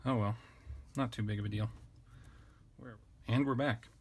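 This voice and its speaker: A man teaching an unscripted grammar lesson, thinking aloud and correcting himself in a relaxed way. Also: mid-range voice, normal speed, slight background noise. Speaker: language teacher. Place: indoors at a desk with a camera.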